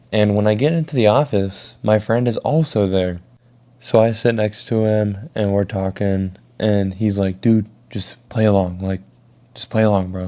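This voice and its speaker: A young man telling a school story in a casual, profane, animated way. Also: on the low side. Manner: casual, swears a lot, animated retelling. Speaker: vlogger.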